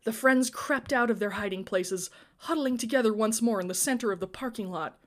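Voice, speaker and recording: Storyteller woman, somewhat high voice, dramatic and expressive narration. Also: a little fast.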